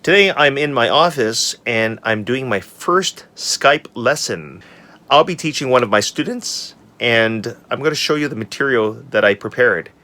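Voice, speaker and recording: A man who teaches English, recorded in his office on a desk microphone, walking through his lesson slides in an upbeat way and saying each example sentence clearly. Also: mid-range voice, animated, unhurried, bright, forceful tone. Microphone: desk microphone on an extension arm.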